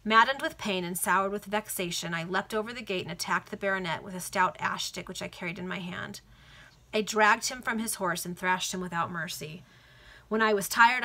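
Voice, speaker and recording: Bright-voiced woman reading a novel aloud. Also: medium pitch. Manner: earnest reading with small self-corrections. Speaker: reader. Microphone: video call.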